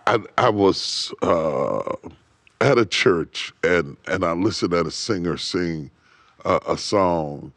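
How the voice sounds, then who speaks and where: Lively low-voiced man preaching. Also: no room sound. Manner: swells up then drops to near whisper, repeats phrases. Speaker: bishop and guest preacher. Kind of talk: preaching on a TV talk show. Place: TV studio set.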